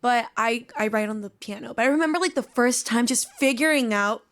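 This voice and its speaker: A woman's voice: fairly high pitch, fairly quick, fairly bright tone. A young woman from Mexico, a native Spanish speaker with a Mexican accent, answering interview questions in a chatty, bubbly way. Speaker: musician, band member.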